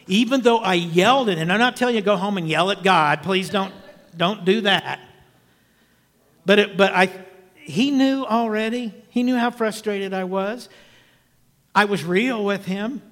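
A man's voice: high-pitched, unhurried, a bit bright, in a large hall. A man in his sixties preaching a sermon, telling a personal testimony in an earnest, emphatic storytelling way. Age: 60s. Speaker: evangelist.

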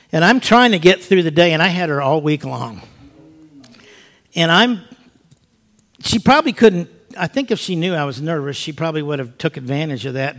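Animated older man telling a testimony. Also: on the high side. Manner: animated storyteller who drops to soft, hushed tones. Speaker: speaker giving a personal testimony. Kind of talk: spoken testimony.

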